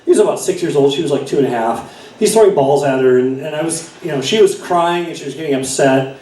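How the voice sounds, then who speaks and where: A man's voice: a little high, quick pace, mellow. A middle-aged man performing a stand-up set in a bar, rambling with many fillers and self-corrections. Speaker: stand-up comedian. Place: bar stage. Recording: echoey room from far off.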